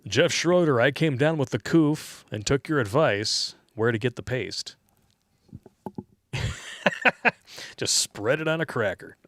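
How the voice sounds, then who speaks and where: Loud, laughing man co-hosting. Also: medium pitch, takes it slowly, pauses often, dry recording. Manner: loud laughing, animated, profane. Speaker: podcast co-host. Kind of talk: casual chat, reading viewer donations.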